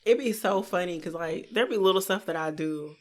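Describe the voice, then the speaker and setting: A soft-spoken woman, chatting casually as a podcast co-host and laughing often. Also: on the low side, brisk. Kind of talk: casual chat.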